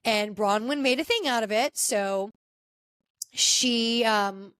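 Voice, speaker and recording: High-voiced chatty woman recapping reality TV. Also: slow pace, fairly bright tone, smooth, no echo. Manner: chatty and opinionated, talking straight to cast members. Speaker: podcast host.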